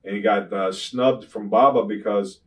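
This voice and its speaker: Older ex-wrestler guy, low voice, kinda far from the mic, swears a lot, keeps saying you know what im saying. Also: normal speed. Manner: rambling, profane, frequent "you know what I'm saying"; grows loud and animated when retelling confrontations. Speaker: retired pro wrestler, interview guest. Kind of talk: shoot interview storytelling.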